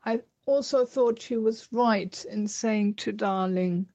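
A woman's voice: medium pitch, darkish tone. A woman earnestly asking a prepared question about a book. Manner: earnest, deliberate. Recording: dull lo-fi recording.

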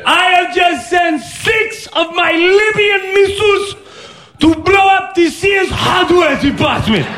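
A man putting on the voice of a boastful male dictator, shouting grand threats down a phone as a prank. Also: very high-pitched, lively intonation, roomy sound, voice pushed up, heavily acted. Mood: bombastic. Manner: shouting, theatrical, drawn-out declarations.

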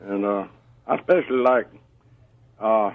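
A man from Georgia, calling into a radio show and chatting in a slow, friendly way. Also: fairly low pitch, no echo. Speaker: radio caller. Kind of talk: casual call-in radio chat. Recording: tinny phone line.

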